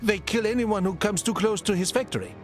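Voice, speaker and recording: A man's voice: high voice, brisk, over music, lightly acted. An actor playing a wary male soldier passing on uneasy rumors in a game.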